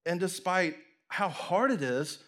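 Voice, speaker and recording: A pastor delivers his sermon as a lively story, slipping into acted voices and then falling to a hushed, intimate near whisper. His voice sits a little high for a man. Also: a little slow.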